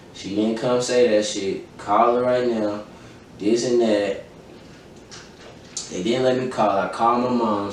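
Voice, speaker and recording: A young adult man telling a personal story in casual, profanity-heavy podcast chat, acting out the dialogue as he goes. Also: fairly low pitch. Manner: profane, emphatic, recounting events with quoted dialogue. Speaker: podcast host. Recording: very echoey room, distant mic, faint noise.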